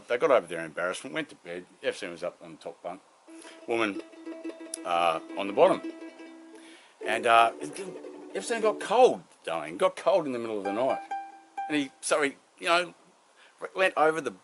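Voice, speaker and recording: A man telling long, rambling jokes in a casual way. His voice jumps around with animated pitch, and he keeps stumbling through fillers as he calls his listener darling. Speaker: joke teller.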